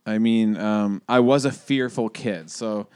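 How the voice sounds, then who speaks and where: A man's voice: on the low side, unhurried, darkish tone, smooth, no room sound, studio quality. A man in his thirties co-hosting a podcast, talking casually and reflectively with many restarts. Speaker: podcast co-host.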